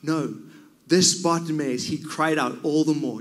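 A man preaching a sermon, swinging from loud cries down to near whispers. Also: on the high side, normal speed.

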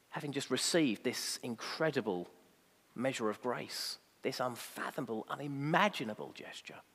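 A man's voice: mid-range voice, expressive, normal speed, a bit bright, long reverb tail. A man preaching a sermon, emphatic and fond of rhetorical asides.

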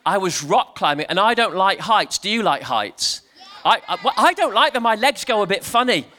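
A playful man preaches to a crowd and tells his stories with big energy. His voice sits high and sounds bright and forceful. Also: normal speed. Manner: animated, playful, leads the audience in shouting. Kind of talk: lively storytelling sermon to a crowd.

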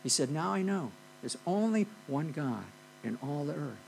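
A man preaching a sermon, telling a Bible story in a lively, conversational way and checking in with "okay?" often. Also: on the high side, normal speed, gravelly, a little hiss or hum, low-quality recording. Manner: animated storytelling with frequent "okay?" and "you know".

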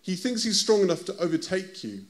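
A man's voice: high voice, sing-song, a little fast. A man with a British accent preaching a conversational sermon, often stopping to ask his listeners direct questions. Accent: British English.

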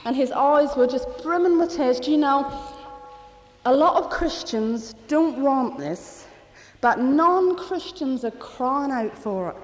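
A woman's voice: high voice, lively intonation, slow. A woman giving a rambling, fervent spoken testimony at a church meeting. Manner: rambling, fervent, with many restarts. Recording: hall reverb.

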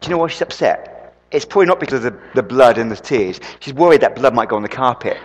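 A man preaching a sermon, an animated storyteller who throws quick asides to the congregation. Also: mid-range voice, muffled recording, slight background noise. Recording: long reverb in a hall.

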